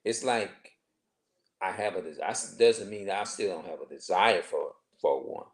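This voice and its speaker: A man in his forties talking to camera in a rambling personal monologue, halting and restarting often. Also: low voice, vocal fry. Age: 40s. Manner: halting, many restarts and filler phrases. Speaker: vlogger.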